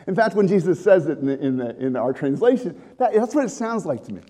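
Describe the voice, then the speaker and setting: Male pastor, conversational sermon, mellow tone, lively pitch that rises and falls. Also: fast talker. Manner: conversational, lively preaching with restarts and asides.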